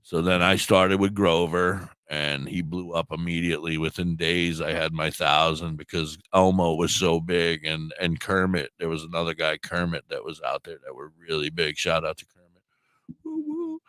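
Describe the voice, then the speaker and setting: A middle-aged man with a low, deep voice that stays smooth and resonant despite a sore throat. He co-hosts a podcast and wanders through a casual story, swearing freely and poking fun at himself. The sound is dry and close, with no room around it. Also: little pitch movement, normal speed, fairly bright tone, no room sound. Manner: rambling, swears freely, self-deprecating. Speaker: podcast co-host.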